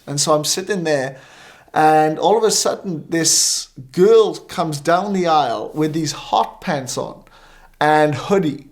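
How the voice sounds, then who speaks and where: A male minister, a guest on a talk show, tells a story with lively energy and acts out the voices of the people in it. His voice sits a little high for a man. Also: measured pace. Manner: animated, acting out quoted dialogue.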